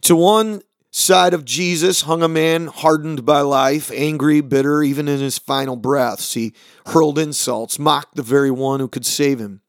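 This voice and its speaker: Earnest pastor, dry close mic. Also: male voice, steady tone, dry recording. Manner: earnest, dramatic pauses, drops low on key words. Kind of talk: short recorded sermon summary.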